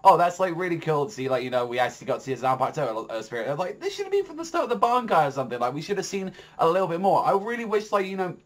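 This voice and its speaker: A man giving a casual spoken manga chapter review. He rambles with lots of fillers, swears freely and gets excitable. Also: rapid-fire, few pauses. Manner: excitable, jumps in pitch when enthused.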